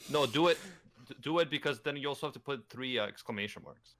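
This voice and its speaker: A man with a bright, mid-pitched voice in casual podcast banter. He argues and ribs the others in a dry manner. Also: quick pace. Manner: dry, argumentative ribbing.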